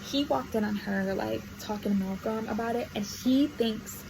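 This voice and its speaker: A young woman chats through a casual reading update, gushing and full of fillers. Her voice has a gravelly fry at the ends of phrases. The home recording is noisy, with a washing machine running behind her. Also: on the high side, moderate pace. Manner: chatty, gushing, lots of fillers. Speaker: book vlogger. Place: at home while doing laundry. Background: washing machine noise.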